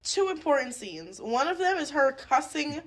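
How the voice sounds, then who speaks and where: A woman's voice: high-pitched, big pitch swings, normal speed. A woman guest on a podcast, chatting bluntly and profanely about a movie with plenty of laughing banter. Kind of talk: casual film review chat.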